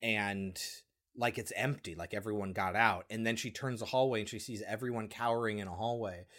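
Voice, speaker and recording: A man's voice: on the low side, a little fast. A man casually recapping a horror film on a podcast, swearing and acting out scenes. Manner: animated storyteller, swears, slips into voices. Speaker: podcast co-host.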